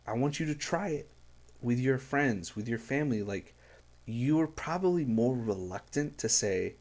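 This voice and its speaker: With an expressive, somewhat dark medium-pitched voice and a slightly slow delivery, a man gives casual reaction commentary on music. He rambles earnestly, often restarting and filling gaps with hesitations.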